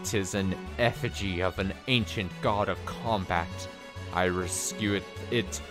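A man's voice: sits low, a little slow. A man voicing a pompous male duke in theatrical, old-fashioned mock-Shakespearean speech. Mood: grandiose. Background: game music.

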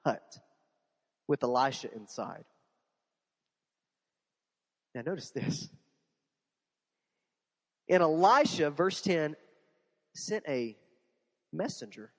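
A man with a fairly high voice delivers a sermon from the pulpit. He preaches in an animated way, piling up repeated phrases and rhetorical questions. The sound carries the long reverb of a church sanctuary. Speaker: pastor.

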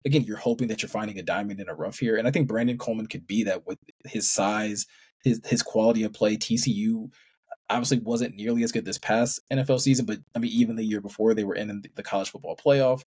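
A man co-hosting a casual sports chat, measured and hedging his points. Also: fairly low pitch, steady tone, darkish tone, husky. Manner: measured, hedging with "again" and "I mean". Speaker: co-host.

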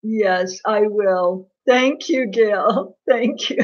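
A woman hosts a casual livestream, gossiping and laughing while answering viewers' comments by name. Her medium-pitched voice has a darkish tone, and she speaks very slowly. The livestream audio is dull and lo-fi.

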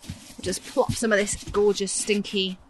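A woman's voice: mid-range voice, flat delivery, unhurried, a little hiss or hum. English woman pottering in the garden, rambling and laughing at herself, mid voice. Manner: chatty, self-deprecating, rambling asides. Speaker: gardening podcast host. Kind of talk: casual chat while gardening. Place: outdoors in a garden.

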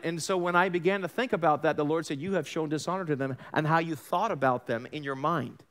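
Animated New pastor preaching. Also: male voice, fairly high pitch. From Long Island, New York. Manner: animated storytelling, acts out quoted voices, sarcastic asides. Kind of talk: sermon.

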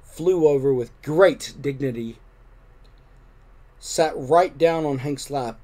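A man reading a children's storybook aloud with gentle, expressive narration. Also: a little high, slow pace. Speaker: storybook reader. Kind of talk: children's book read-aloud.

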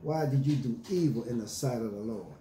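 A man's voice: medium pitch, a little fast, mellow, a little hiss or hum. A man preaching a sermon, reading scripture aloud and retelling it in emphatic street slang, with listeners answering him. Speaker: pastor. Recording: echoey room with faint ambience.

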